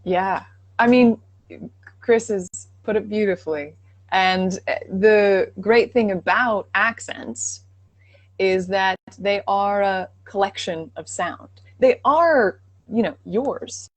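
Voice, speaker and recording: A woman's voice: medium pitch, slow, no room sound. Female guest coach on a live Q&A; affirming, explains through analogies; dry, close recording. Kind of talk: live online Q&A.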